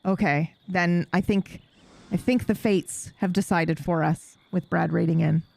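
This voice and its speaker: A woman's voice: fairly low pitch, steady tone, measured pace, gravelly, darkish tone. A woman streamer chatting casually with her live audience while playing a game, swearing freely and laughing often.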